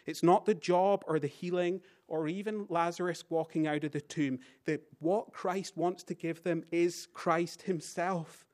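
A British man preaching a sermon in a church, earnest and repeating key phrases, rising for emphasis and dropping very quiet at the ends of phrases. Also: fairly high pitch. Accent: British English. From Britain.

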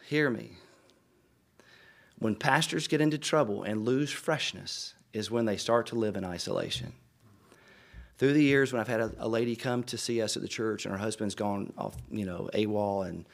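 This lowish, fry-tinged male voice belongs to a middle-aged pastor. He addresses other pastors with earnest, storytelling sermons, delivered conversationally and full of repeated words.

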